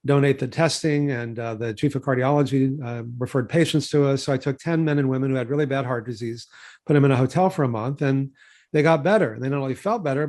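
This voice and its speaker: A man in his sixties from Texas talks through his memories in an easygoing, rambling way. He keeps circling back with "uh" and "you know" and restarts his sentences, but his voice stays even and of middling pitch. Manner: relaxed, digressive, many fillers and restarts. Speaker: physician and researcher. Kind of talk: conversational interview storytelling.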